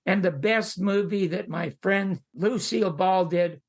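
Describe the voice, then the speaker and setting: An older man, a podcast guest, tells a long show-business story in an animated way, jumping into other people's voices as he quotes them. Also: high voice, a little slow. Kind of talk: anecdotal storytelling.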